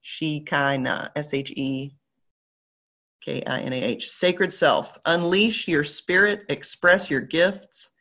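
Her voice sits low and sounds fairly bright, and she talks slowly in a Southern American accent. As the group's spiritual leader she reads oracle cards aloud in a live online session, upbeat and playful, on slightly dull lo-fi audio.

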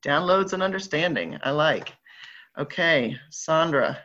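A woman's voice: low voice, lively intonation, a little slow, a bit bright. A woman with a Southern American accent, chatting upbeat and playful as she leads a live online group and reads oracle cards aloud. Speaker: spiritual group leader. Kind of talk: live online card reading. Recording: slightly dull lo-fi audio.

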